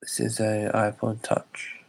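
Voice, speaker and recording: A man's voice: on the low side, monotone, slow, vocal fry. A young Australian man chatting casually on a live stream, rambling and hesitant with many fillers.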